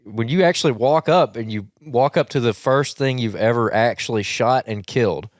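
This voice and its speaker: Southern guy podcast host, rambling animated story, laughs a lot, dry close mic. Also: medium pitch, normal speed, dry recording. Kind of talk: casual storytelling chat.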